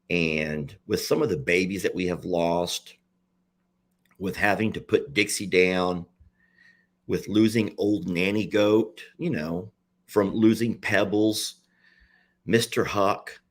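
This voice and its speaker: A man who runs an animal sanctuary, talking through his mistakes in a halting, repetitive, confessional way, close to tears. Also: deep voice. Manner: halting, repeats himself, confessional. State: near tears. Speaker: animal sanctuary owner and page host. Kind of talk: emotional personal vlog.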